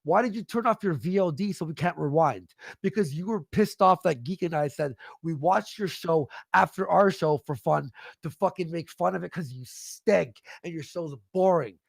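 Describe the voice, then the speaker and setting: Furious, gravelly man ranting. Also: a little high, moderate pace, hardly any pauses, no room sound, clean studio sound. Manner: angry, profane, shouting insults. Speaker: livestream guest. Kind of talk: heated livestream rant.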